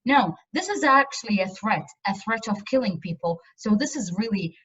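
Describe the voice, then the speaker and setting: Woman lecturer, earnest and emphatic, mid pitch, muffled video-call audio. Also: expressive, normal speed, fairly bright tone, husky. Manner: earnest, emphatic with frequent repetitions. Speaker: university lecturer. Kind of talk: online lecture.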